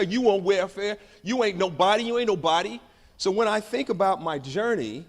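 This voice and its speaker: A man delivers a motivational conference speech and tells his stories with dramatic swings in loudness. His voice sits high for a man. The sound carries a long reverb from a large hall. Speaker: conference keynote speaker.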